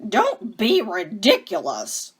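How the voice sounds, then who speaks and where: A woman's voice: medium pitch, huge pitch swings, takes it slowly, husky, heavily acted. A woman doing a stern, scolding older sister. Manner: sharp, scolding, emphatic.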